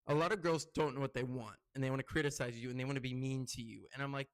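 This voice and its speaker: A man's voice: medium pitch, steady tone, quick pace. A young man talking casually to his camera as a content creator, rambling and getting heated, with lots of "like" fillers. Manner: rambling and heated, heavy use of "like". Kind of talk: casual vlog rant to camera.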